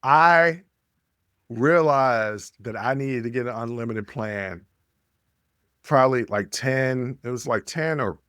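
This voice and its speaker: A man's voice: medium pitch, slow pace, a bit bright, clear, resonant tone, dry recording, studio quality. A man in his thirties hosting a podcast in casual chat, telling stories emphatically and talking to his listeners. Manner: storytelling, emphatic, addresses listeners. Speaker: podcast host.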